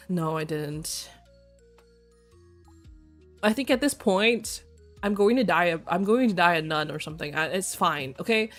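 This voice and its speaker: A woman's voice: fairly low pitch, brisk, faint music behind. A young woman streamer chatting casually and telling stories with lots of giggles and quoted voices. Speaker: vtuber streamer. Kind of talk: casual chat.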